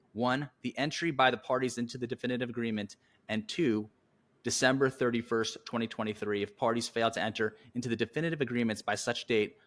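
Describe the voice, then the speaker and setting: A man's voice: medium pitch, fairly bright tone. A man co-hosting a golf podcast who speaks in a plain, direct way and sometimes reads document text aloud. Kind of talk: casual chat and reading a document aloud.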